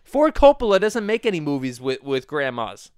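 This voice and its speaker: A young man in casual comic chat, arguing and swearing in a lively way. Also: on the high side, normal speed, smooth, no room sound, studio quality. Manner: animated, swearing, argumentative.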